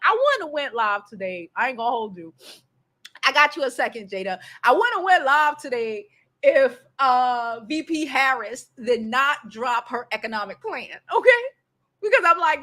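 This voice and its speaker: High, bright, excitable woman host. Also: normal speed. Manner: excitable, laughing, swearing freely. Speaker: livestream host. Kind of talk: casual livestream chat.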